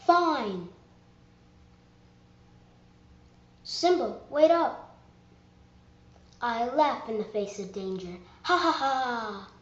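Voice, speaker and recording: A woman's voice: a little high, roomy sound, lo-fi sound, slight background noise. A woman speaking hesitantly, with fillers, as she introduces her own voice audition. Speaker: audition performer. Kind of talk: casual self-recorded audition.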